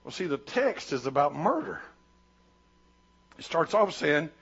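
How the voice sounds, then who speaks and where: Older man in his sixties as preacher, high raspy voice, swings from loud to hushed, muffled recording. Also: lively intonation, moderate pace. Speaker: pastor. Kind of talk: sermon.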